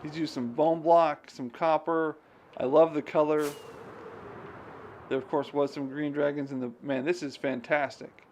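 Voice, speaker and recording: A man talks casually while gaming on stream, his voice sitting slightly high. He muses to himself and the viewers as he plays. He drifts easily between game chatter and scripture. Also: flat delivery, unhurried, darkish tone, dull audio, slight background noise. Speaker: game streamer and digital missionary.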